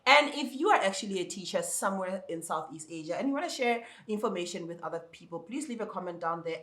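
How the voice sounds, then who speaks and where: A man from Africa with an African accent and a high, soprano-like voice, giving chatty advice as an ESL teacher vlogger, repeating words as he talks straight to viewers. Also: fairly bright tone. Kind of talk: casual advice vlog. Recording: echoey room.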